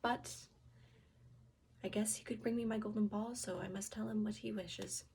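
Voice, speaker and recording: A woman's voice: mid-range voice, steady tone, moderate pace, creaky, a little mellow, slight background noise, natural voice. A woman voicing a spoiled, fickle young princess in a told fairy tale. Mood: scornful.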